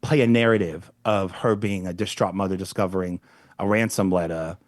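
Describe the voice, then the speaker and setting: A man's voice: sits low, fairly quick, no room sound. Rambling wry man on a dry close mic. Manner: rambling, wry deadpan asides. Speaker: podcast co-host. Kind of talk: casual true-crime chat.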